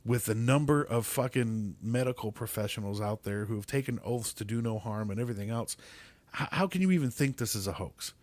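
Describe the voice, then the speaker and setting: A man's voice: on the low side, fairly quick, a little mellow, no echo. A man hosting his own podcast, talking alone in an exasperated, profane rant and repeating words as he gets heated. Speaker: podcast host.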